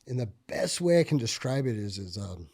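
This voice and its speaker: Profane veteran telling war stories. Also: male voice, mid-range voice, brisk, slightly rough. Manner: profane, filler-heavy, gets animated and loud when reliving tense moments. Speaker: podcast guest, military veteran. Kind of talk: casual conversational storytelling.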